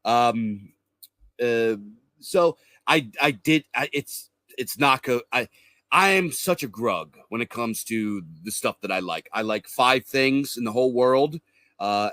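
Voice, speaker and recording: Bright-voiced man rambling through a review. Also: medium pitch, no echo. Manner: rambling, lots of restarts and fillers; swears casually. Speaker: podcast co-host. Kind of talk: casual review chat.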